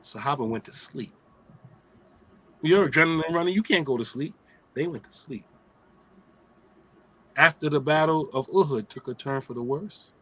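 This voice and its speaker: A middle-aged man leads a casual religious talk in a streetwise, joking way. His voice is bright and forceful, and he keeps checking in with his listeners by asking "right?". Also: medium pitch, low-quality recording. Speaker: host of an Islamic talk show.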